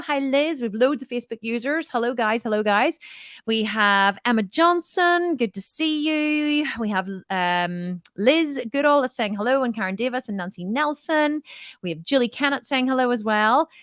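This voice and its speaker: A woman's voice: mid-range voice, a bit bright, no echo, clean studio sound. A woman, hosting a live fitness Q&A from home in a chatty, upbeat way and greeting viewers by name. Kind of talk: casual livestream chat. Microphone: computer microphone on a video stream.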